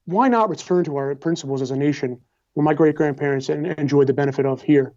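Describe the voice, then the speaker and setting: Young male political candidate with a mellow, slightly high voice who delivers earnest, stump-speech answers; lo-fi sound. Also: fast. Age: young adult. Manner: earnest, speechlike, with repeated phrases. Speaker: congressional candidate. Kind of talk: campaign interview answers. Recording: slightly dull lo-fi audio.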